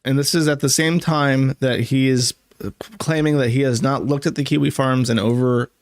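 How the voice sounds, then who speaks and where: A frustrated man recounts past events in a matter-of-fact tone, stammering now and then. His voice sits at an ordinary pitch and sounds close and dry, with no room echo. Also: steady tone, moderate pace. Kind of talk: casual recounting.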